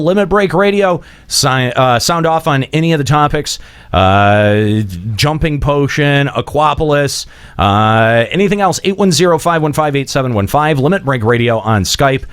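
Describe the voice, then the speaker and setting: A man hosting a talk show, his pitch climbing and falling a lot as he chats, dropping "uh" everywhere while he reads out the call-in details and welcomes callers. the tone is loose and conversational. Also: clear, resonant tone. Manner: animated, restarts often, hedging with "uh". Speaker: radio show host. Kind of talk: casual podcast talk.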